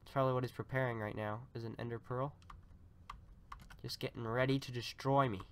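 A man hosting a gaming channel, giving casual commentary on a desktop USB mic, excitable, repeating short phrases and yelling when things get tense. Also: medium pitch, a little fast, slight background noise. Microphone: USB desktop microphone.

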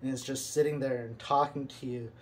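In a casual guided visualization, a man rambles loosely with lots of fillers as he leads a listener through an imagined scene. His mid-range voice is fairly even and a little fast. The low-quality audio carries a little hiss or hum.

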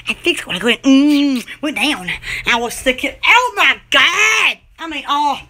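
A woman's voice: high voice, expressive, measured pace, bright, forceful tone. A woman vlogger chatting to the camera in a rambling, theatrical way, often breaking into laughter. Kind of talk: rambling casual chat to camera.

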